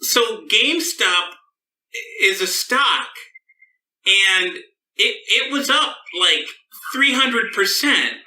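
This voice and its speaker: A man hosts a comedy podcast in a hesitant, stammering, deadpan way. His voice is very bright and fairly high, and it sounds roomy and set back from the microphone. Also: slow, long pauses. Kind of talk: casual comedic banter. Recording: roomy, distant mic.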